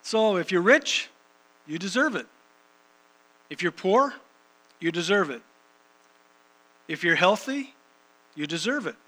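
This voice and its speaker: A man's voice: sits high, expressive, slow, long pauses, sharp tone, poor audio. A man preaching a sermon and reading scripture, emphatic, repeating phrases for rhythm.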